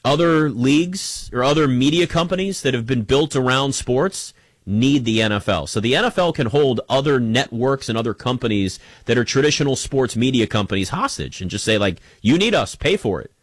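A man hosting a sports talk show, giving a casual opinion monologue in an emphatic, animated way and speaking straight to the listener. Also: mid-range voice, moderate pace, dry recording. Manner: conversational, emphatic, animated, addresses listener directly.

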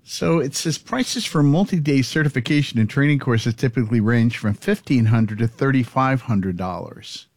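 A man's voice: mid-range voice, animated, moderate pace, hardly any pauses, no room sound. A man co-hosting a podcast in casual chat, reading out facts and telling small stories. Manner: chatty, reads facts aloud. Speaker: podcast co-host.

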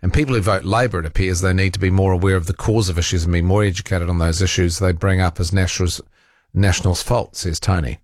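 A man's voice: low-pitched, steady tone, quick pace, dry recording, studio quality. A man hosting a talk radio show, reading out listener texts and arguing back in a rambling, self-correcting way.

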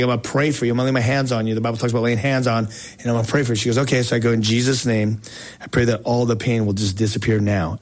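With a medium-pitched voice, a male evangelist hosting a faith talk show tells a story casually and excitedly, using slang and often restarting his sentences.

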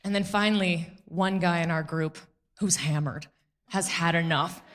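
A woman in her thirties doing a stand-up comedy set on a club stage, animated and laughing at her own jokes as she talks to the crowd. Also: on the low side, moderate pace.

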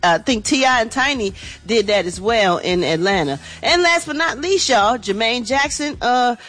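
A woman's voice: fairly high pitch, animated, normal speed, a bit bright. Chatty woman radio gossip host. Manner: chatty, casual, addresses listeners as y'all. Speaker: entertainment news host. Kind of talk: radio morning show gossip segment.

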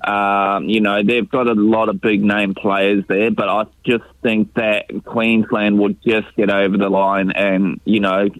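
A man with a blocked nose from a cold, calling a radio show and talking in an easygoing, halting way. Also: lowish voice, no room sound, narrow, tinny audio. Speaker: caller. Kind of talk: casual phone-in chat.

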